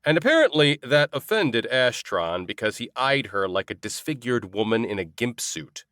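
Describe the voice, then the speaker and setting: A man's voice: medium pitch, sing-song, normal speed, fairly bright tone, no echo, clean studio sound. A man narrating a comic fantasy novel in the first person, wry and storytelling. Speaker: audiobook narrator.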